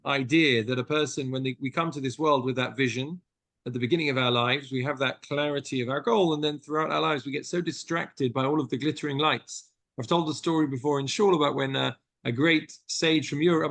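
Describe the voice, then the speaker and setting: Gravelly British man teaching a text class. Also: a little high, a bit bright. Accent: British English. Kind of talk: text study lesson with storytelling.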